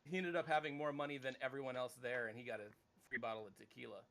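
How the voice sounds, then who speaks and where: Gravelly bright-voiced man chatting casually. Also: medium pitch, quick pace, slight background noise. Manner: rambling and animated, swears casually. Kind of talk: casual podcast chat.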